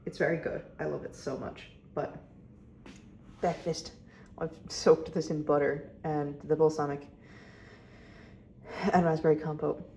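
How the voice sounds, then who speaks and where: A woman's voice: deep voice, flat delivery, unhurried, long pauses, dark tone, slight background noise. A young woman chatting casually to camera in a rambling, self-deprecating way while she goes about her day at home. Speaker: vlogger. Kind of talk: casual vlog chat.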